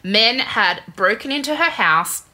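A woman casually telling a true crime story to her co-host, chatty and animated, with lots of fillers. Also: on the high side, measured pace.

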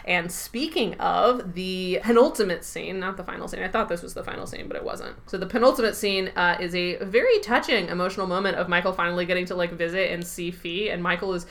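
A woman co-hosting a podcast, recapping a TV episode in casual chat, animated, laughing often and swearing easily. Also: on the low side, fast talker, few pauses.

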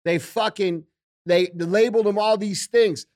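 A man's voice: high-pitched, steady tone, measured pace, darkish tone, no echo, clean studio sound. A young man co-hosting a casual podcast who gets heated and swears, calling people bro and dude. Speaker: podcast co-host. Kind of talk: casual chat.

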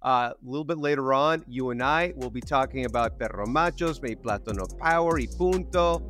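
A man's voice: mid-range voice, fairly quick, fairly bright tone, soft background music. A man hosting a sports podcast in an upbeat, enthusiastic way, moving from analysis to show segments. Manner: enthusiastic, upbeat host patter. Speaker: podcast host. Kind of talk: casual sports chat.

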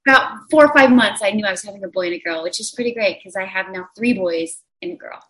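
A woman's voice: medium pitch, expressive, fast, a bit bright. Chatty woman telling stories. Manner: chatty storyteller acting out quoted voices. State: sleep-deprived. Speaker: guest, stage actress. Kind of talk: casual chat.

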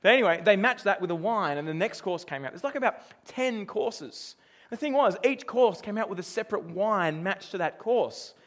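A middle-aged man with a high, light voice preaches to a congregation. His manner is chatty and anecdotal, and he stops now and then to put questions to his listeners. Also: expressive, moderate pace, fairly bright tone. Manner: conversational, storytelling, asks the congregation questions. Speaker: pastor. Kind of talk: sermon.

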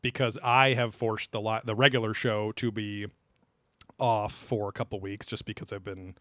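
A man's voice: lowish voice, flat delivery, moderate pace, a bit bright, dry recording, studio quality. Rambling, joking man co-hosting a podcast. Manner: rambling, joking, many fillers and restarts. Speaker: podcast co-host. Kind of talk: casual podcast chat.

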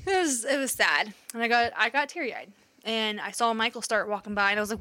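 A woman's voice: a little high, a little fast, bright, forceful tone. A woman in her thirties, a mother, candidly telling a story in casual chat, swearing now and then and laughing along the way.

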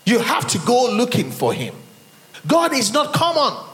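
A middle-aged Nigerian man preaching a sermon as pastor, swinging between loud high exclamations and low remarks and firing rhetorical questions at his congregation. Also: wildly swooping pitch, measured pace. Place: church hall. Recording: long hall reverb.

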